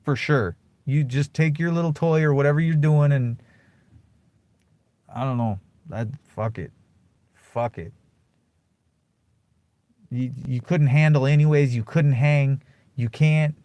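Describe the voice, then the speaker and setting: A man's voice: a little high, measured pace, long pauses, mellow, no echo. A young man ranting bitterly to camera in a casual vlog, muttering and then flaring into profane outbursts. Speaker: vlogger.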